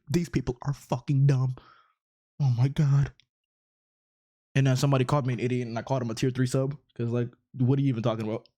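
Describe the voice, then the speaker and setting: A man delivers profane, exasperated commentary on social media posts. His voice sits at an ordinary middle pitch, and he keeps breaking into incredulous outbursts. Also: dark tone. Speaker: online commentator.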